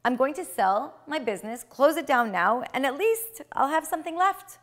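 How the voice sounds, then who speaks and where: A woman's voice: high voice, lively intonation, normal speed, fairly bright tone. A woman voicing a worried, devout male pharmacist in debt, pleading anxiously within a spoken tale.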